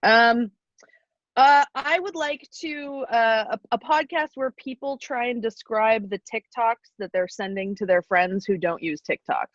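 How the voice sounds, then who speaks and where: A young adult woman chatting casually on a podcast, pitching ideas and laughing often. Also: unhurried, no room sound, highs cut off.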